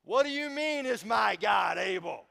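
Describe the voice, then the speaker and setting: A man voicing an indignant male prophet who loudly scolds and lectures a king. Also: sits high, expressive, measured pace, gravelly, pitched above the performer's own voice, full character voice. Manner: loud, scolding, boastful.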